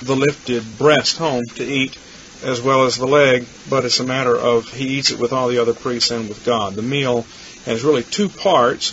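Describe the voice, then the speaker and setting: A man's voice: mid-range voice, bright, forceful tone. A man teaching Bible lessons, plainly correcting something he said earlier. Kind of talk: lecture correction. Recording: dull lo-fi recording with faint hiss.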